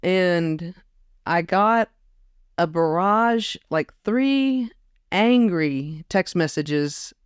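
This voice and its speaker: A woman's voice: on the low side, lively intonation, very slow, clear, resonant tone, no room sound, clean studio sound. A woman guest in a casual conversation, reflective and storytelling, often quoting others. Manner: reflective storyteller, quotes others with put-on voices. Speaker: podcast guest.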